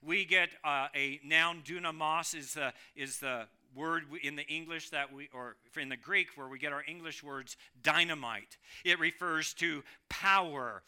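A man with a high, very bright and clean voice preaches a sermon. He swings between emphatic, louder stretches and sudden quiet drops. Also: clear, resonant tone. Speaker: pastor.

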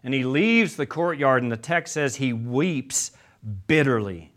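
A man preaching a sermon and retelling scripture as a story. He acts out the quoted lines in quieter, slower voices. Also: mid-range voice, lively intonation.

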